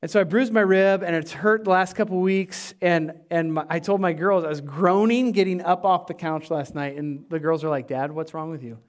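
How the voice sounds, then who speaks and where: A middle-aged man preaching from the pulpit in a fairly high voice. He presses his points with emphasis, then sinks low and quiet to drive them home to the congregation. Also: normal speed, hardly any pauses. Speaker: pastor. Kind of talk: sermon. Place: church.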